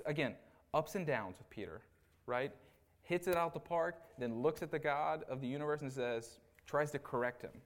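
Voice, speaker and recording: A man, an assistant pastor, giving a conversational sermon with casual asides, often checking in with "right?" and acting out the people he describes. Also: medium pitch. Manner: casual, tags lines with "right?"; animated retelling with acted asides.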